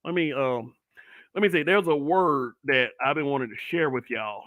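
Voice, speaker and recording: A man's voice: medium pitch, normal speed, dry recording, narrow, tinny audio. A middle-aged man hosting his own online broadcast, ranting bluntly and with heavy profanity. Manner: profane, blunt ranting with mocking put-on voices. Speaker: online talk show host. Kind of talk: brutally honest solo commentary broadcast.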